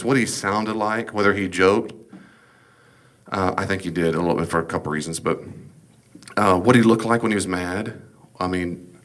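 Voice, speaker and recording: A man with a somewhat low voice teaches a Bible study in a relaxed, conversational way. He leans into his points with emphasis and keeps asking the class rhetorical questions.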